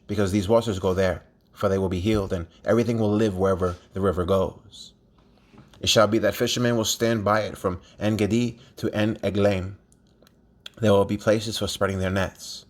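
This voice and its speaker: A man reading scripture aloud at a steady pace, with a few slips and restarts. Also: lowish voice. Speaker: scripture reader.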